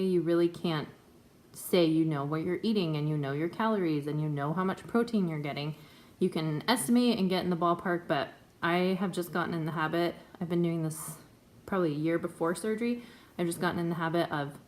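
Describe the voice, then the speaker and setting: A woman in her twenties talking in a chatty, self-conscious way, with lots of fillers, for a home video update. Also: on the low side. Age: 20s. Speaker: vlogger. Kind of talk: casual chat. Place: home room.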